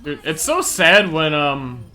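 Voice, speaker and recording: A young man chatting casually while streaming a game, excitable and quick to laugh. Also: a little high. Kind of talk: casual gameplay commentary.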